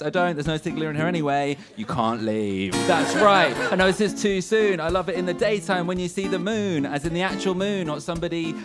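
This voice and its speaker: A young man hosting a comedy show, freestyling rhymes full of quick puns. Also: high voice. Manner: quick punning wordplay. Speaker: host.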